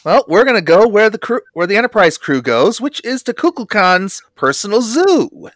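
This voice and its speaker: Man, podcast co-host, recaps a story, lively pitch, wry, dry sound. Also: normal speed, no echo. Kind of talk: casual recap of an episode.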